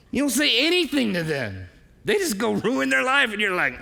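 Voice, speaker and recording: Pastor, male, preaching in a church hall; high, gravelly voice, lively delivery. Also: a little fast. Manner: animated, acts out quoted voices, asks the congregation questions. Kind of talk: sermon. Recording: long reverb of a large hall.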